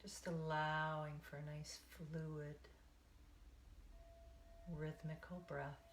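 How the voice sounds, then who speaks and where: A woman meditation teacher leading a guided meditation in a calm, soothing, unhurried way, sometimes dropping to a soft breathy tone. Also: deep voice, slight background noise. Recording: echoey room.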